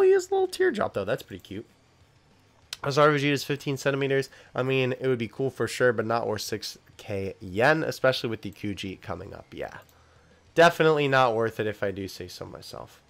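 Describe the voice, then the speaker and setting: A young man casually talking through news items at his desk mic, his voice swinging up and down as he reacts. He breaks into short laughs and sudden excited yelps, then drops back into easygoing chat. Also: mid-range voice. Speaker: YouTube host covering figure news. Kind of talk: casual commentary while reading news.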